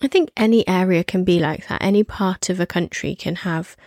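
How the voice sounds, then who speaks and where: A woman's voice: fairly low pitch, a little fast, a little mellow, no room sound, studio quality. A woman co-hosting a podcast, chatting in a reflective way with plenty of fillers. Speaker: podcast co-host. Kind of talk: casual chat.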